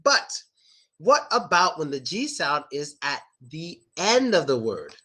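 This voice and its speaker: Brief: casual male pronunciation tutor, slightly high pitch, informal banter. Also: very animated, unhurried, bright, forceful tone. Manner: joking, informal and chatty with students. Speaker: English pronunciation teacher. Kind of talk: live online lesson.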